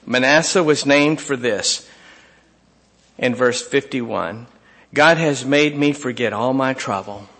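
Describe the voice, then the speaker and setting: Expressive preacher in a reverberant hall. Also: male voice, mid-range voice, slow pace. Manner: expressive preaching, reads scripture aloud, swings from emphatic to hushed. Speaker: pastor. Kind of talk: sermon.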